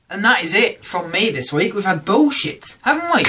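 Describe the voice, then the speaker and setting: A man's voice: high voice, moderate pace, few pauses, background noise. A man with a British accent hosting a comedy show, performing a stand-up routine and acting out the voices of people in his stories. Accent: British English. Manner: animated, acts out quoted voices. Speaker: comedy podcast host.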